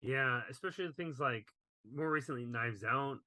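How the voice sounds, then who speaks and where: A man's voice: mid-range voice, moderate pace, bright, forceful tone, dry recording. A man co-hosting a movie podcast in casual chat, laughing easily as he reads critics' quotes. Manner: laughs while reading quotes. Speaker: podcast co-host.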